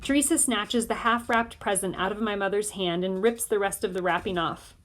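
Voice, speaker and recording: A woman narrating an audiobook in the first person of a boy, in a measured way. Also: medium pitch.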